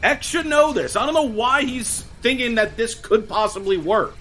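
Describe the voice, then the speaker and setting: A man's voice: very high-pitched, animated, moderate pace, pushed and bright, voice pushed up, exaggerated voice. A man voicing a short-fused clawed male mutant who talks bluntly and grudgingly. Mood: irritable.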